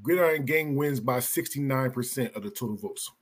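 A man's voice: medium pitch, fairly quick, slightly rough. A man hosting a casual podcast, reading out vote results and chatting easily between them. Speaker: podcast host.

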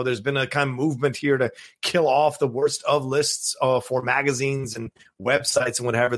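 A man's voice: mid-range voice, fairly bright tone. A man co-hosting a podcast about films, talking casually and rambling, with many restarts and fillers. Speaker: podcast co-host. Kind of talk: casual chat.

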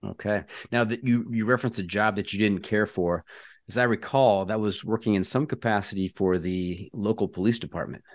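A man's voice: lowish voice, fairly even intonation, fairly quick. A man in his forties from Southern California hosting a casual podcast interview, asking easygoing questions. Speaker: podcast host.

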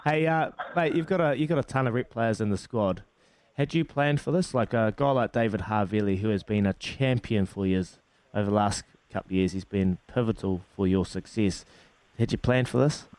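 A man with a New Zealand accent hosting sports radio in a relaxed, matey way, chatting and laughing easily. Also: on the low side, normal speed, no room sound. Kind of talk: casual sports radio chat. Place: radio studio. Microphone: studio mic.

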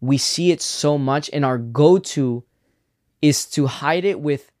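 A man's voice: on the high side, darkish tone. A young man co-hosting a casual faith podcast, speaking earnestly and reflectively. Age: young adult. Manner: earnest, reflective, quick to affirm. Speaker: podcast co-host.

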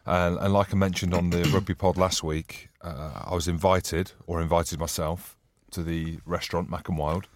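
A Scottish man with a deep, low voice, co-hosting a podcast and rambling through jokey stories. The sound is dry and close to the mic. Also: steady tone, normal speed, hardly any pauses, dry recording. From Scotland. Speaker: co-host, former rugby player. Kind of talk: casual podcast banter.

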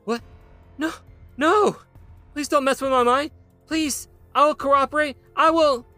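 A man's voice: very high-pitched, fairly even intonation, unhurried, pushed and bright, dry recording, soft background music, pitched above the performer's own voice, full character voice. A man voicing a terrified young female news anchor who pleads in panic. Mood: pleading.

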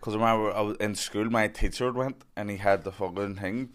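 A man on a podcast, chatting casually with teasing, deadpan banter. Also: on the low side, fairly quick. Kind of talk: casual chat.

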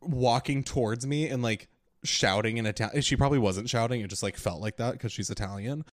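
A young man co-hosting a podcast, telling a story in casual chat, animated and full of filler words, acting out the quotes. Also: mid-range voice, a little fast. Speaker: podcast co-host.

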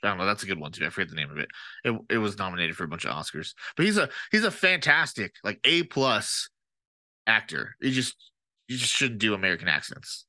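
Male podcast co-host, low-ish bright tone, dry close sound, loose profane movie talk. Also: fast, no room sound. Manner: profane, animated, rambling with fillers. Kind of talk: casual movie-review chat.

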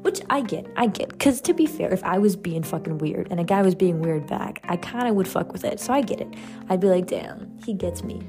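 A young woman talks through her solo podcast in a candid, rambling way, full of fillers and easy swearing. Her voice sits a little low and sounds mellow. Faint music plays under her. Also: expressive, brisk, gravelly. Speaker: podcast host. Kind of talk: casual solo podcast chat.

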